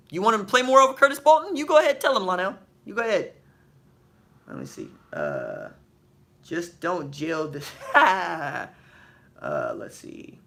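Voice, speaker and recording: A man hosting a live stream, reading viewer questions from the chat aloud and answering them with slangy, animated banter and rapid rhetorical questions. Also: a little high, creaky. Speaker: podcast host.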